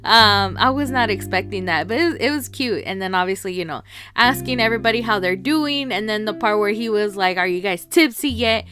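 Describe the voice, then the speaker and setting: A woman's voice: medium pitch, a little fast. A woman hosting a casual solo podcast, rambling with many fillers and frequent laughs. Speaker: podcast host.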